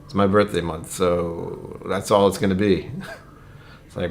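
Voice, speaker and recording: A man's voice: low voice, little pitch movement, unhurried. A man streaming a casual whiskey tasting, rambling to his viewers and muttering asides that sink to near-whispers. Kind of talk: casual livestream chat.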